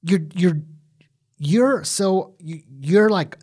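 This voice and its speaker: A man's voice: mid-range voice, moderate pace. Chatty man recapping a reality show. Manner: animated, swears, full of fillers and restarts. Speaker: podcast co-host. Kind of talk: casual recap chat.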